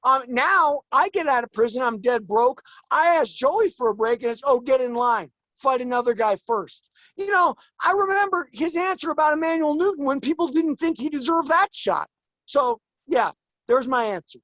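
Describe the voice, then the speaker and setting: A man in his forties, a guest in an interview, talking emphatically and fast, his voice climbing as he gets worked up. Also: very high-pitched, expressive, pushed and bright, no room sound, highs cut off. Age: 40s. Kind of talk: heated interview talk.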